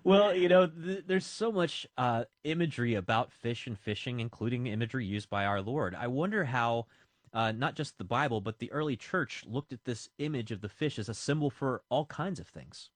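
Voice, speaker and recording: A man's voice: medium pitch, expressive, moderate pace, dry recording. A man hosting a radio talk show with a mid-range voice. He speaks casually and halts a lot, using many fillers. The sound is dry and close. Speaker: radio host. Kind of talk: conversational interview.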